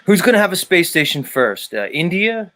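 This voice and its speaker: A man's voice: high voice, sing-song, normal speed, a bit bright. A man hosting a livestream, casual and jokey, swearing freely. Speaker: livestream host.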